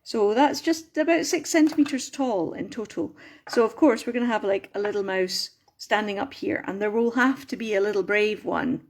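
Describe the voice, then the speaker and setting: A woman's voice: mid-range voice, moderate pace. A middle-aged woman hosting a casual craft livestream, chatty and rambling, apologising often and breaking off her own sentences. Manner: chatty, self-interrupting, apologetic. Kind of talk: rambling casual live chat.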